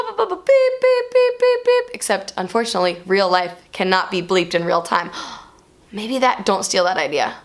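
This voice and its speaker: A woman vlogger recounts a personal story straight to camera in a chatty, expressive way. Her voice sits high and swings up and down a lot as she talks.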